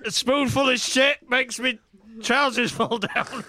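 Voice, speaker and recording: A man's voice: very high voice, fairly even intonation, measured pace, bright, forceful tone. A man, trading cheeky comedy banter as a podcast co-host.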